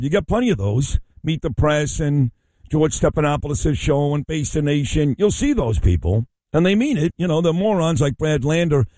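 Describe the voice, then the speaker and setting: A man's voice: a little high, mellow, no room sound. A man hosting a talk radio show, blunt and emphatic, speaking his mind plainly. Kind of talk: opinionated talk radio interview.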